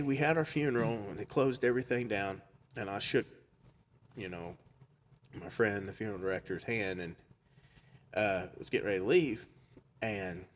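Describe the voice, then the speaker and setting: A man telling a funny story in a casual chat, laughing often and acting out the people in it. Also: fairly low pitch. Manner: animated, laughs often, acts out quotes.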